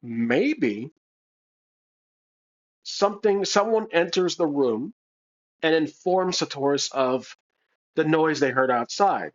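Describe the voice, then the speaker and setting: A man's voice: fairly high pitch, expressive, slow, pauses often. A man narrating his solo tabletop adventure, thinking aloud with hesitations and restarts. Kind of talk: casual solo role-play narration. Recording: slightly dull lo-fi sound.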